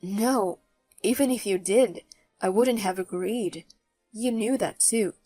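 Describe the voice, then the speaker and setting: A woman's voice: mid-range voice, slow, mellow, no room sound. A woman voicing an angry, defensive male ex-husband in a story, indignant and whiny, with faint music behind. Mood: sulky. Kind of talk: storybook narration.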